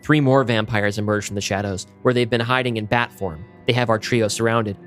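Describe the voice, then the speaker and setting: A man's voice: fairly low pitch, steady tone, a little fast, few pauses, fairly bright tone, faint music behind. A man co-hosting a podcast, narrating a monster script at a table read in a vivid storytelling manner. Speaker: podcast co-host.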